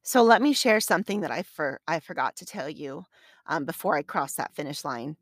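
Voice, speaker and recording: A woman's voice: deep voice, animated, a little fast, no room sound, studio quality. A woman hosting her own podcast, telling a long personal story in a chatty, rambling way with many restarts. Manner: gets emotional and tearful while recounting. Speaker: podcast host. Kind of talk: casual solo podcast recap.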